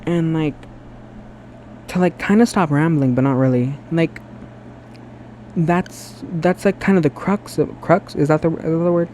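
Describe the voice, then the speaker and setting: A man's voice: a little high, unhurried, pauses often, mellow, slight background noise. A man vlogging to his phone camera in a home bathroom, chatty and sassy, earnest and emotional as he rambles. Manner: chatty and sassy, lots of "girl" and "like"; emotional and earnest, self-described sensitive. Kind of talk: casual rambling monologue to camera.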